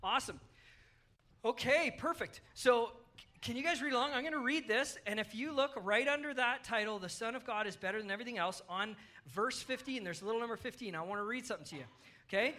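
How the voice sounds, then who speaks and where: A children's pastor gives a playful, upbeat children's sermon during a church service, speaking fast in a medium-pitched, sharp voice. The pastor coaxes the kids along while also addressing the adults.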